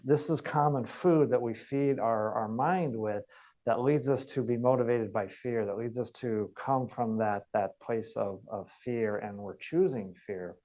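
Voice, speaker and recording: A man's voice: mid-range voice, darkish tone, highs cut off. A man working as a wellness coach, giving an earnest motivational training talk and repeating phrases for emphasis.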